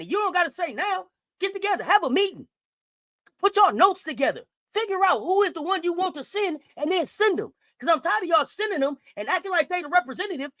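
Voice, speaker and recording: A woman hosting a sports livestream, delivering a profane, confrontational rant with repeated challenges and shouted bursts. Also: very high-pitched, dry recording, studio quality.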